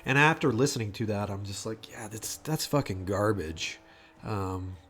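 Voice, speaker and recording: A man's voice: lowish voice, expressive, moderate pace, fairly bright tone, breathy edge. A man talking casually into a home microphone for his audio vlog, rambling with lots of fillers, restarts and swearing. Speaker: vlogger. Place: home room. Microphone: new microphone at home.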